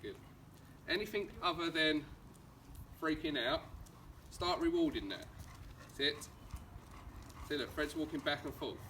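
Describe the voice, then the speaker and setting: A man with an Essex accent, working as a dog trainer, calmly explaining training steps outdoors and giving short commands to a dog. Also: a little high, a little slow, long pauses. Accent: Essex English. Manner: calm, coaching, gives short commands to the dog. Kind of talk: on-location training instruction. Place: outdoors on a street during a home visit. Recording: distant outdoor camera audio with background noise.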